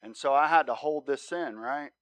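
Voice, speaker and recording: A man giving his sermon testimony as a relaxed story, often checking in with "right?". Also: mid-range voice, normal speed, no room sound. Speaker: guest speaker sharing his testimony.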